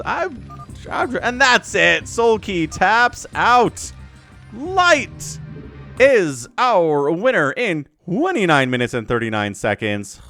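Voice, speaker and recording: Faint background music plays behind an esports shoutcaster casting a strategy game on his own. He delivers play-by-play with plenty of jokey asides, in a slightly high, somewhat bright voice.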